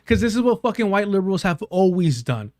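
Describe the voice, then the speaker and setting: A man's voice: sits high, very animated, a little fast, a little mellow, no echo, clean studio sound. A man hosting a live stream, giving angry, repetitive commentary on a clip, swearing often. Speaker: live stream host reacting to clips.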